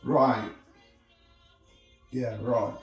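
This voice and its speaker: A man voicing a gruff, hulking male gamekeeper who growls and grumbles loudly, in a very echoey room with faint music behind. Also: mid-range voice, fairly even intonation, very slow, distant mic.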